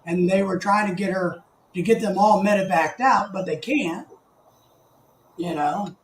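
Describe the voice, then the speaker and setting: An unhurried man with a voice that sits high hosts a relaxed live stream from the Philippines. He chats in a rambling way and calls out viewers by name, and the recording has an echoey room and faint background noise.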